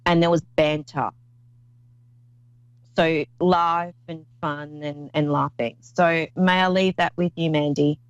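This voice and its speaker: A woman's voice: deep voice, fairly even intonation, slow, smooth, no echo, muffled recording. A woman hosting a call-in psychic reading show, talking in an effusive, rambling way with many restarts. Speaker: psychic medium host.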